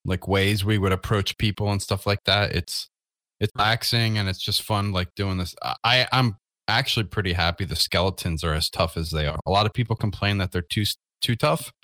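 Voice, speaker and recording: A man's voice: sits low, fairly quick, pushed and bright, dry recording, studio quality. A man co-hosting a casual gaming podcast who talks hesitantly, with many ums. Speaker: podcast co-host. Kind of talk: casual chat.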